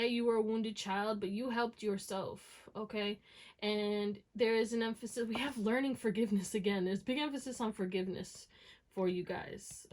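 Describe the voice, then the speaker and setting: A woman giving a casual pick-a-card tarot reading, talking straight to her viewers with lots of "okay?" and "you know what I'm saying?". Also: medium pitch. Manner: slang-flavored, encouraging, talks to viewers as y'all. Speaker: tarot reader.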